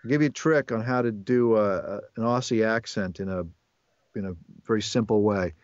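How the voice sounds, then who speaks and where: A man's voice: on the low side, moderate pace, no echo. A man being interviewed as a voice actor, chatting casually and rambling with frequent restarts. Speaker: voice actor guest. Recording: dull, dry lo-fi recording.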